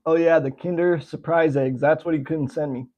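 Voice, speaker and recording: A man's voice: fairly high pitch, steady tone, moderate pace, a little mellow. An American man hosting a slingshot channel, chatting casually with viewers and answering their comments while tasting candy. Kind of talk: casual live-stream chat, tasting candy.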